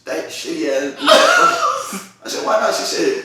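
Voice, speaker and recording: Animated man telling stories in an echoey room. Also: sits high, slow pace. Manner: animated, laughing, slangy storytelling. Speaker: podcast host. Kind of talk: casual storytelling chat. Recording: echoey room, distant mic.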